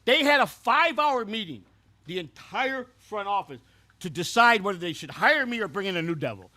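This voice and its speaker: This male host's character voice is high, very animated, pushed and bright, delivered at normal speed. He plays a foul-mouthed, brash former clubhouse worker from baseball who brags his way through rambling stories, stumbling over repeated words, as scripted comedy.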